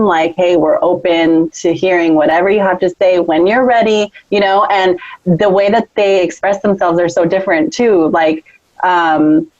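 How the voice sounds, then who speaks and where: A woman in her thirties co-hosting a casual podcast chat, telling a family story with lively acted-out quotes. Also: no room sound, dull audio. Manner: animated storytelling, acts out quotes with big pitch jumps. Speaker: podcast co-host.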